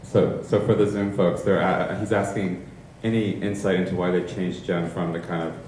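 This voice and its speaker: A man's voice: sits low, steady tone, moderate pace, a little mellow. A man moderating a convention panel, hesitant, with frequent fillers. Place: convention hotel panel room. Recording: echoey room with background noise.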